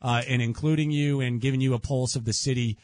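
A man's voice: mid-range voice, fairly even intonation, fast, a little mellow, no room sound. A laid-back man hosts a sports talk show, his voice dry and close in a studio. He chats casually, stumbles over repeated words and slips in dry jokes. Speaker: radio sports show host. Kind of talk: casual sports radio chat.

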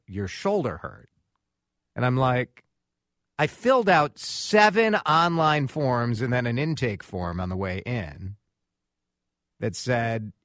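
Man radio host, animated storyteller, bright tone, dry close mic. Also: medium pitch, dry recording. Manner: animated storytelling, acts out quotes. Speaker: radio talk show host. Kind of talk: casual radio chat.

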